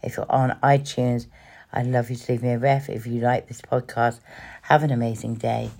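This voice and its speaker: A woman hosting a podcast, telling her personal story in an emotional, halting way with many restarts. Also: extremely low pitch, little pitch movement, vocal fry, background noise. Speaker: podcast host.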